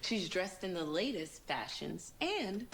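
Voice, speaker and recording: An actress playing a stern female schoolteacher in a scripted web drama, speaking with a clear classroom delivery. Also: lowish voice, very animated, takes it slowly, a bit bright, slight background noise, heavily acted. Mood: storytelling.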